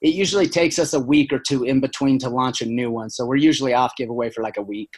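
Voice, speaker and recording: A man's voice: medium pitch, steady tone, slightly rough. A man talking as a business-owner guest in a casual podcast chat, rambling through stories with plenty of fillers and tag questions. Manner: rambling, fast, full of fillers and "right?".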